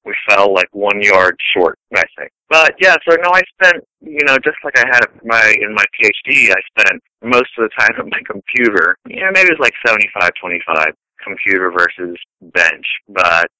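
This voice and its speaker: Bright, crisp-voiced storytelling man. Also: lowish voice, animated, normal speed, few pauses, dry recording, poor audio. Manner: rambling anecdotal storyteller. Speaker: scientist guest. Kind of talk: casual conversational interview.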